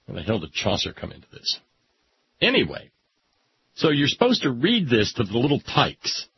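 A man reading aloud with sardonic, deadpan asides. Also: mid-range voice, moderate pace, creaky, husky. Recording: dull lo-fi recording.

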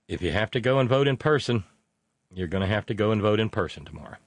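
A man's voice: on the low side, expressive, fast, no room sound. A man hosting a casual political talk show, reading out listener messages in a rambling, sardonic way with many fillers.

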